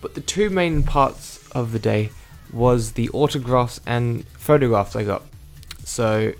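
A man's voice: mid-range voice, takes it slowly, soft background music. A young man, rambling through a casual vlog recap and correcting himself with dry asides. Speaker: vlogger.

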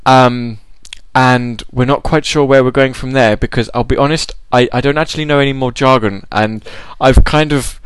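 A man's voice: mid-range voice, fairly even intonation, normal speed, hardly any pauses, clean tone, no echo. A man chatting casually, rambling and joking at his own expense. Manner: rambling, joking, self-deprecating. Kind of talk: casual chat.

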